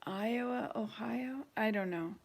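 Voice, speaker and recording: A woman's voice: a little high, slow pace. A woman hosting a casual chat with online viewers, thinking aloud and hesitating as she searches her memory. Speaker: channel host.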